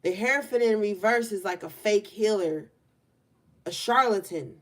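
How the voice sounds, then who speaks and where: A woman's voice: mid-range voice, a bit bright. A young woman talking casually through a collective tarot reading, stretching out words for emphasis, in a room by an open window. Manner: casual, conversational, drawn-out emphasis. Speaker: tarot reader.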